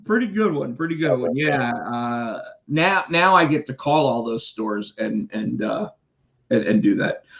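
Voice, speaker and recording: A man telling a work story in casual chat, animated and profane, putting on voices for the callers. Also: mid-range voice, measured pace, vocal fry. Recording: dull lo-fi sound.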